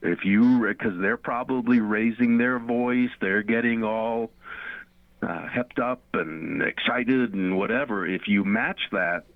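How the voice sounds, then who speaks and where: A man's voice: on the low side, takes it slowly, no room sound. A man on a Christian radio show, earnestly teaching and repeating phrases for emphasis. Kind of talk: conversational faith talk on radio. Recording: phone-like radio line.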